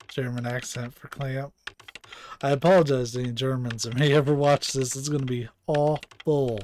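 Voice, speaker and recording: A man's voice: mid-range voice, normal speed, darkish tone, a little hiss or hum. A man giving live gameplay commentary with dry, joking asides. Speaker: game streamer.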